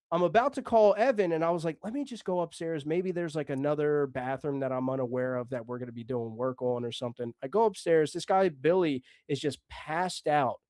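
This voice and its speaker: A man's voice: fairly high pitch, darkish tone, no echo, clean studio sound. A man telling a long story casually, rambling, swearing and acting out the dialogue.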